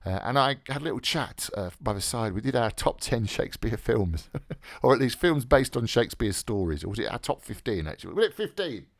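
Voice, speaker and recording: A man's voice: medium pitch, very animated, brisk, vocal fry, no echo, clean studio sound. A man hosting a literary radio podcast, chatting casually in a rambling, jokey way full of fillers. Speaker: podcast host.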